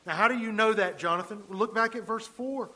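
A man preaching from the pulpit, his voice slightly high and strikingly bright and forceful. He tells stories earnestly, stumbling over repeated words as he drives his point home. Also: fairly quick. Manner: storytelling, earnest, repeats words when emphatic. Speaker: pastor. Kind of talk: sermon.

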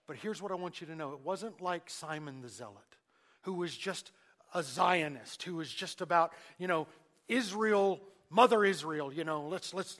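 A man preaching a sermon, swinging between loud emphasis and hushed asides, and acting out the quoted speech of Jesus and Peter. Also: sits high.

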